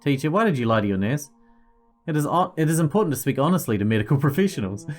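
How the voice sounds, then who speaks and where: A man's voice: a little high, lively intonation, fast, soft background music, voice pushed up, lightly acted. A man voicing an earnest AI companion that asks formal, literal questions.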